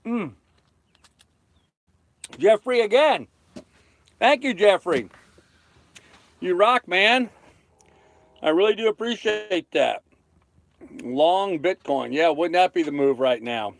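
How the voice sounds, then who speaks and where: A man's voice: high voice, animated, slow pace, vocal fry, pauses often. Chatty man hosting a boat livestream. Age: 30s. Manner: chatty, thanks viewers by name. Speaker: sailboat livestream host. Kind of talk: casual livestream chat reading comments. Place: on a sailboat cockpit.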